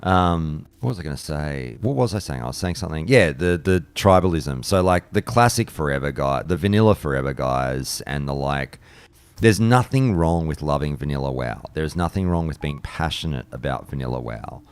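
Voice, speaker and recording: A very deep, gravelly male voice, talking bluntly and swearing as he rambles through a casual live-stream chat. He wanders off mid-thought and comes back, plain-spoken and unfiltered. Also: expressive, moderate pace, no echo. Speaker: streamer and podcast host.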